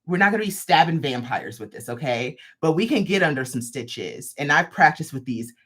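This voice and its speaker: A woman's voice: deep voice, animated, moderate pace, a bit bright, breathy edge. A woman hosting a live crochet stream, showing off a product with playful, sassy asides. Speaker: host of a crochet livestream. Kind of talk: live product demo chat.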